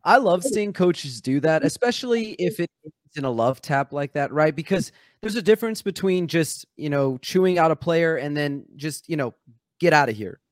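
A man's voice: a little high, expressive, normal speed, no room sound, studio quality. A man co-hosting a casual sports talk show, talking in an easygoing, agreeable way. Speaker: podcast co-host.

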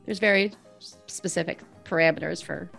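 A woman's voice: lowish voice, fairly even intonation, normal speed, gravelly, a bit bright, soft background music. Chatty woman in her forties, laughs a lot. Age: 40s. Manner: chatty, giggly, rambling with many fillers. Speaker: guest. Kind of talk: casual interview chat.

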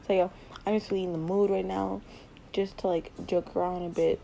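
A teenage girl rambles through a casual late-night podcast from home, piling up repeated words in a giggly, loose manner. Her voice sits at a middle pitch and comes through a laptop mic with a faint hiss behind it. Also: flat delivery, brisk, creaky, mellow, rough recording. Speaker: podcast host.

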